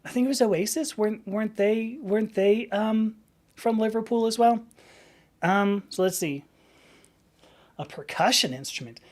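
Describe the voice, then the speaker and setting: Woman, live stream host, casual rambling chat, frequent laughs, mid pitch. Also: normal speed, pauses often, a little mellow. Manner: rambling, laughs often, many restarts.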